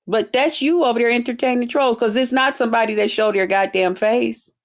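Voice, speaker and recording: Ranting to her chat in profane commentary, this livestream host is blunt and throws in mocking, drawled quotes. She speaks briskly in a slightly high voice.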